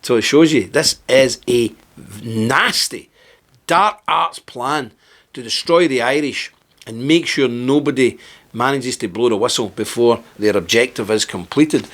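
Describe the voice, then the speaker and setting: A man hosting a political commentary monologue, talking in an indignant, emphatic way and firing off rhetorical questions. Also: medium pitch. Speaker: host.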